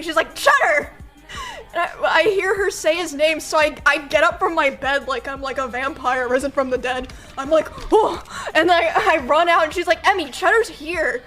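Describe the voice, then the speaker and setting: A young woman streamer telling a story casually and animatedly, swearing and acting out shouts. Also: high-pitched.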